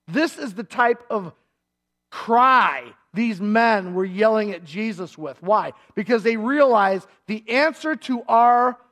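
A middle-aged man preaching a sermon, telling the story with energy and acting out the people in it. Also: high voice. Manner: animated storytelling, acting out voices and shouts. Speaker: pastor.

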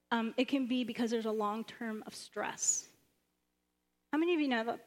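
A woman pastor preaching a sermon in a church, animated, acting out the lines of the stories she retells. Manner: animated, acts out the prophet's lines with sudden high bursts.

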